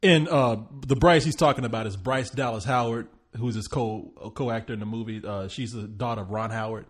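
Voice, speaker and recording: A man's voice: on the low side, fairly quick. A man hosting a casual podcast chat, rambling and joking with lots of swearing and restarts. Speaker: podcast host.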